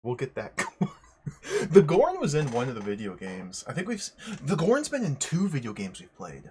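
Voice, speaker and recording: A man's voice: mid-range voice, wildly swooping pitch, moderate pace, darkish tone. A young man hosting a livestream, chatting casually, greeting viewers one by one and often rambling and correcting himself. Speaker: livestream host.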